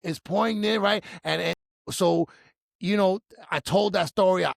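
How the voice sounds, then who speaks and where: A middle-aged man telling a personal story in casual chat, animated and acting out his own nervous moments. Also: sits high, measured pace, creaky, no room sound, studio quality. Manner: animated, acts out his own past panic in quotes. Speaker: storyteller guest.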